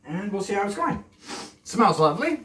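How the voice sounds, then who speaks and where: A man from Canada, chatting calmly and softly to the camera while cooking in his home kitchen, rambling off into asides. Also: high voice. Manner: deliberately soft and calm, rambling asides. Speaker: cooking vlogger. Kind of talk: casual cooking chat to camera. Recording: echoey kitchen, mic from far off.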